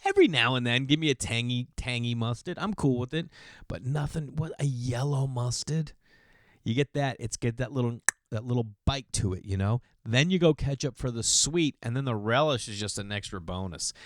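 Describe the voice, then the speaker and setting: Man, podcast host, casual rambling monologue, opinionated, dry close-miked sound. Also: no echo. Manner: animated, opinionated, rambling with sudden pitch jumps.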